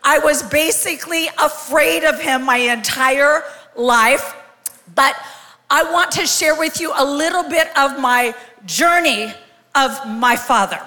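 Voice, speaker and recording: A woman in her sixties giving a lively, joking live sermon as a guest speaker, calling out to the congregation in a large church. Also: sits high. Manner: lively, joking, calls out to the crowd. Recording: long hall reverb from a live church.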